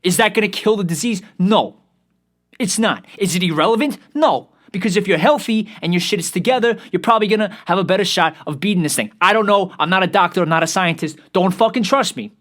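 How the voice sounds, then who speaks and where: Young male podcast host, slightly high voice, profane heated rant full of restarts. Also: fast, fairly bright tone. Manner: heated, swears constantly, repeats and restarts.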